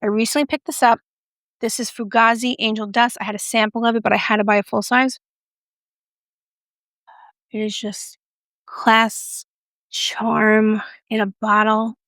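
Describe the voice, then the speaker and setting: Gravelly, chatty woman reviewing makeup. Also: on the high side, fairly bright tone, no echo, studio quality. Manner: playful, chatty, jokey asides. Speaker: beauty vlogger.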